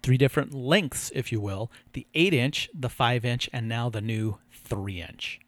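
A man's voice: medium pitch, measured pace, dry recording, studio quality. A man from the United States co-hosting a running podcast, reading sponsor spots and telling stories in an easygoing way. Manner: easygoing storyteller, frequent restarts. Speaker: podcast co-host. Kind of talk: casual chat and sponsor reads.

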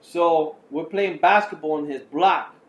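A man's voice: a little high, measured pace. A man telling casual stories in a chat, swearing and acting out voices. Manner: animated storyteller, swears, acts out quoted voices. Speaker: podcast co-host. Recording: echoey room with faint ambient noise.

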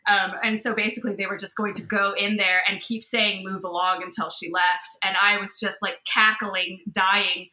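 A woman co-hosting a podcast, telling a story in a casual, animated way and acting out the people in it. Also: medium pitch, moderate pace, few pauses, reverberant, poor audio. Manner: animated, acts out voices in her stories. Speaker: podcast co-host.

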